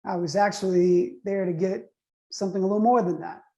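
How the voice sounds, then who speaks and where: A man in his thirties telling a story from his own life to an online audience, often turning to his listeners with questions. His voice sits rather high for a man, with a warm, mellow, unforced tone. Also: fairly even intonation, a little fast. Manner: conversational, builds suspense with questions to listeners. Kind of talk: personal storytelling.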